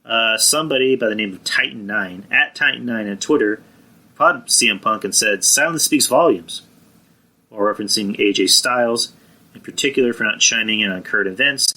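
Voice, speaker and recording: A man hosts a live stream with a fairly low yet very bright, forward voice. He rambles casually, swears freely, and stops now and then to answer people in the chat. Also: brisk, low-quality recording. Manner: rambling, profane, chatting with live viewers. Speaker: podcast host.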